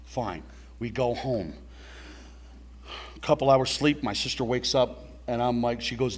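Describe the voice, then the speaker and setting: A man's voice: medium pitch, unhurried, long pauses, breathy edge. A middle-aged man telling a blunt personal story at a recovery meeting, swearing and talking straight to his listeners.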